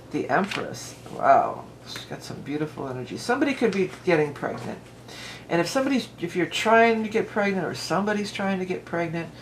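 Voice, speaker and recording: With slight background noise, a low-voiced woman does a casual tarot reading at home, a dog nearby. She chats loosely and rambles, often slipping into asides.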